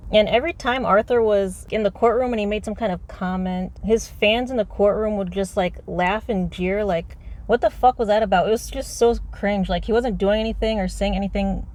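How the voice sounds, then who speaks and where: A woman's voice: mid-range voice, a little mellow. A woman ranting about a movie from inside her car, exasperated and profane, rambling from point to point. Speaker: movie reviewer. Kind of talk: unscripted rant.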